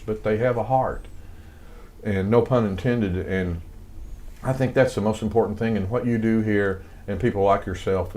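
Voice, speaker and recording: Deep-voiced older Southern man, rambling. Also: a little mellow. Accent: light Southern American. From American South. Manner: rambling, many fillers and restarts. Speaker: guest, songwriter and composer. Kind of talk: casual interview storytelling.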